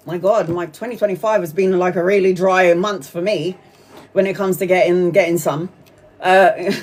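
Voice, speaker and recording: A woman's voice: medium pitch, normal speed, a little mellow. Chatty woman reading tarot. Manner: chatty, swears freely, laughs often. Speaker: tarot reader. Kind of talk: live-stream tarot reading, casual chat.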